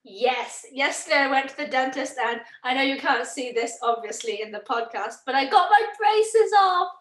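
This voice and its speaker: A woman's voice: high-pitched, moderate pace. Echoey, distant woman on a call. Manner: lively storyteller, self-mocking. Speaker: interview guest. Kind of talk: casual chat. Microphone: video call.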